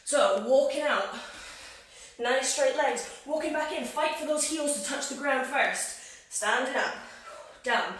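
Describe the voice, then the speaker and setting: A woman's voice: sits high, measured pace, a bit bright. A woman fitness coach leading a home workout, counting down reps and chatting between sets, out of breath. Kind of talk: live workout instruction. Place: room at home. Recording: echoey room, voice far from the mic.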